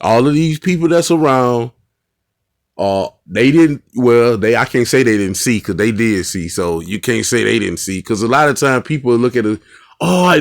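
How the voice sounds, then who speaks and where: A man's voice: medium pitch, no room sound, studio quality. A male host giving casual commentary on bodycam footage, earnest and repetitive, often restarting his sentences.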